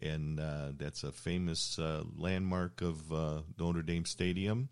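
A man's voice: rumbling low, fairly even intonation, slow pace, smooth. An older man hosting a casual interview, telling rambling anecdotes with plenty of fillers and restarts. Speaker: show host.

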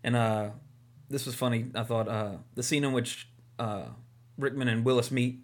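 A man co-hosting a casual movie podcast, talking enthusiastically and rambling with lots of fillers. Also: mid-range voice. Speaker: podcast co-host.

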